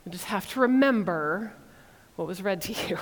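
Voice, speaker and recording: A woman's voice: mid-range voice, expressive, moderate pace, in a large hall. A woman preacher teaching an informal sermon, chatty and humorous, with laughing asides. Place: church.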